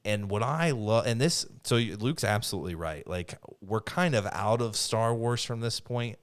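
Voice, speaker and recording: A man's voice: on the low side, lively intonation, moderate pace. A man co-hosting a podcast, rambling enthusiastically through his retellings in casual chat. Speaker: podcast co-host.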